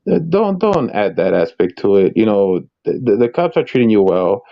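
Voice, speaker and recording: A man's voice: fairly low pitch, big pitch swings, moderate pace, lo-fi sound. A man co-hosting a casual video reaction chat, rambling and repeating words as he talks, often laughing.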